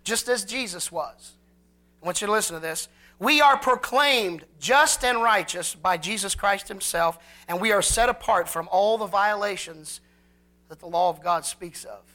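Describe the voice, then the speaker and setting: A pastor preaching a sermon in a fervent way, reading scripture slowly and swelling louder on key phrases. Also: mid-range voice. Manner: slow, drawn-out scripture reading.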